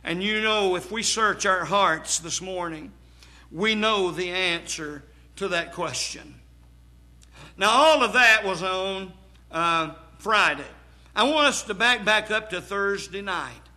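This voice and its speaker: A man preaching in a strikingly high, bright voice. He takes his time, drawing out each phrase and building to sudden shouts. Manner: dramatic preaching, slow and emphatic, swelling to shouts. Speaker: pastor. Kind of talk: sermon.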